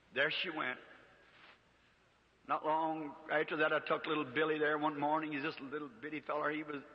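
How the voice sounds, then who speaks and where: A man, preaching a sermon as an emotional story, pleading and acting out the prayers he recounts. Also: on the high side. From United States. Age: 50s. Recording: dull old church recording with long reverb.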